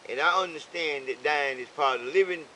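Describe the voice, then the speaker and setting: A man's voice: fairly high pitch, fairly quick, pushed and bright, slight background noise, poor audio. An older man telling a roadside story in casual conversation, preachy and leaning on "okay?" for emphasis. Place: in a vehicle.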